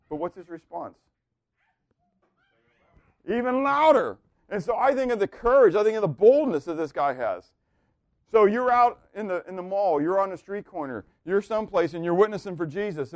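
High-voiced man teaching a Bible class. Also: no room sound. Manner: asks the class questions and waits for answers; swings from loud emphasis to near-murmured asides.

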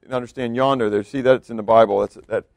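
A man with a Southern US accent preaching a sermon, animated and folksy, acting out the voices of biblical figures as he tells the story. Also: mid-range voice, quick pace, creaky, dry recording. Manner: folksy asides to the congregation. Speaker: pastor.

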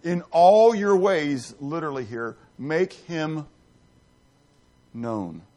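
An animated male pastor delivers a sermon in a somewhat high voice with a very lively pitch. He keeps asking his congregation questions. He swings from punchy emphasis to near-whispered asides. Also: slow pace. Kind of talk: interactive sermon.

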